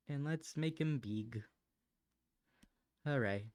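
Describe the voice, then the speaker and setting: A woman's voice: rumbling low, lively intonation, slow, no echo. A woman live streaming while she draws, chatting casually, muttering to herself as she works and sometimes gushing to her cat, recorded on a desk microphone at home.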